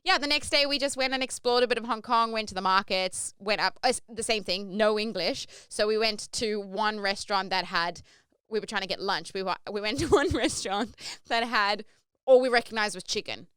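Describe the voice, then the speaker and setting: A woman's voice: mid-range voice, fairly quick, fairly bright tone, clear, resonant tone, no room sound. A young woman hosting a podcast, telling a travel story in a chatty way and acting out the quotes, with lots of "like". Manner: chatty, says "like" often; acts out quoted lines. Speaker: podcast host. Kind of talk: casual storytelling monologue.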